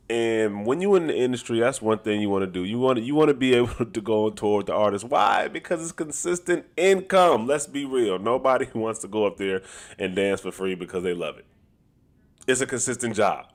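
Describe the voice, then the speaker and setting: A man who talks loudly and laughs often, chatting casually to his live-stream audience as a dancer. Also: on the low side. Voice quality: talks loud. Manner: animated and laughing, slangy.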